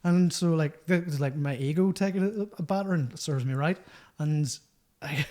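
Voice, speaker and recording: A man's voice: a little high, moderate pace, warm tone. A man, a musician telling rambling, self-mocking stories as a podcast guest. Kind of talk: storytelling podcast chat.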